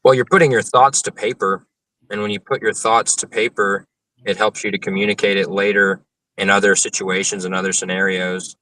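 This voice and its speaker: A man's voice: on the low side, flat delivery, a little fast, pushed and bright, far from the mic, slight background noise, poor audio. A young man, an open-air preacher, earnestly answering interview questions about theology, with frequent fillers and restarts.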